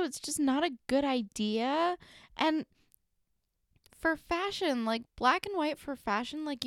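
A woman's voice: high voice, dry recording, clean studio sound. A woman co-hosting a podcast, ranting in exasperation while recapping an episode. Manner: exasperated ranting, lots of fillers. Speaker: podcast co-host. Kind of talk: casual recap chat.

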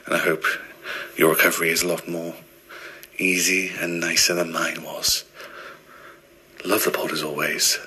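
A man's voice: low voice, little pitch movement, normal speed, long pauses, pushed and bright, breathy edge, low-quality recording. A man from the Newcastle area of England leaving a voice message for a podcast, speaking in a put-on posh, formal way. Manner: mock-posh, formal delivery. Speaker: listener sending a voice message.

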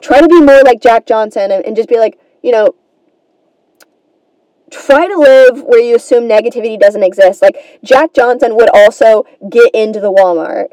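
A woman's voice: fairly high pitch, moderate pace, dark tone, no room sound, poor audio. A woman hosting a comedy podcast, telling a rambling, self-deprecating story in a casual monologue and swearing freely.

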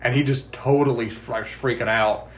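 A man's voice: mid-range voice, normal speed, slight background noise. Chatty man retelling an episode. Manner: chatty storyteller, quotes characters in lively asides. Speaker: podcast co-host. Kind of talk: casual chat recapping a TV episode.

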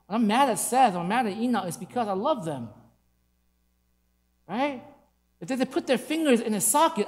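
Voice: mid-range voice, lively intonation, moderate pace, pauses often, a little mellow. A preacher delivering an emphatic sermon, asking the congregation rhetorical questions. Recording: long hall reverb.

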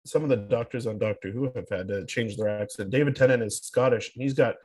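A man's voice: on the low side, fast, a little mellow, husky. A young man co-hosting a podcast in casual chat, rambling and loose. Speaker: podcast co-host.

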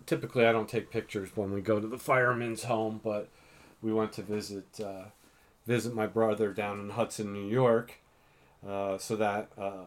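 A middle-aged man hosting a casual chat with his daughter, self-mocking and full of fillers. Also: lowish voice. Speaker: podcast host.

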